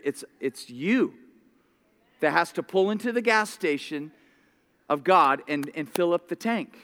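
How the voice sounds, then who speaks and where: A man preaching a sermon as a pastor, telling stories with lively acted-out voices and often repeating words as he starts sentences. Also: a little high, a little slow. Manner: animated storytelling, acting out voices.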